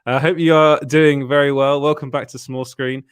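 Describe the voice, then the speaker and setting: A man's voice: mid-range voice, flat delivery, normal speed, clear, resonant tone, no echo, clean studio sound. A tired man hosting a live stream, chatting casually with lots of filler words and little chuckles. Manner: rambling, many "uh" fillers, frequent chuckles. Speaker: host of a live show.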